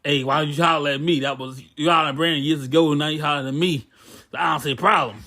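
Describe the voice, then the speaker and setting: This man talks in a slightly high voice, tripping and restarting his sentences as he chats on a podcast. He keeps turning the talk toward scripture, easygoing but preachy. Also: steady tone, quick pace, bright, forceful tone. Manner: stammers and restarts, repeating words. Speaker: podcast co-host. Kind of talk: casual podcast chat.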